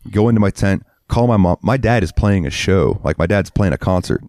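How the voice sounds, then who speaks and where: Low-voiced profane storytelling man. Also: lively intonation, brisk, darkish tone, no echo, studio quality. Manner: profane, heated storyteller acting out quotes. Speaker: podcast co-host. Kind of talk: casual storytelling chat.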